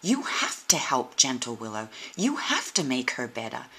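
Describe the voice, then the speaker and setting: A woman voicing a young, worried female squirrel in a children's storybook, high and insistent. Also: sing-song, moderate pace, sharp tone, breathy edge, exaggerated voice. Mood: pleading. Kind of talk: storybook reading.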